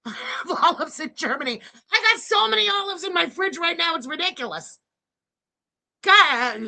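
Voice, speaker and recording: A woman in her forties hosting a livestream reaction, loud, mocking and swearing, yelling often. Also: high-pitched, animated, moderate pace, creaky.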